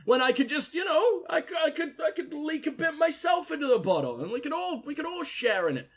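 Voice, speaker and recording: A man's voice: extremely high pitch, sing-song, brisk, hardly any pauses, fairly bright tone, faint music behind. A man giving crude, sarcastic and profane commentary while playing a video game, often talking back to the characters on screen. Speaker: gaming video host. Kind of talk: let's-play commentary.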